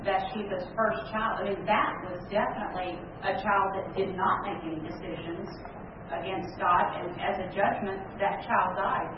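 A woman speaks up from across a classroom, thoughtfully explaining her point. Her voice sounds far from the microphone in a very echoey room, muffled, with clear background noise. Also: mid-range voice, steady tone, normal speed. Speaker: class member. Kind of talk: answering in class discussion.

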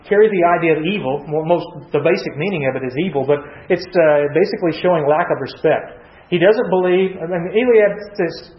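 A man with a high voice leads a Bible class, reading verses aloud and questioning his listeners. He answers his own questions and explains each passage in plain words. The sound is dull and lo-fi, and it echoes around a live room. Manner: asks the class questions and answers them himself. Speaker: Bible study teacher.

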